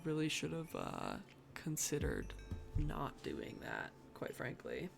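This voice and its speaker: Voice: mid-range voice, wildly swooping pitch, slow, gravelly. A streamer doing live gameplay commentary, muttering to themself and grumbling about their own mistakes. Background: background music and keyboard typing.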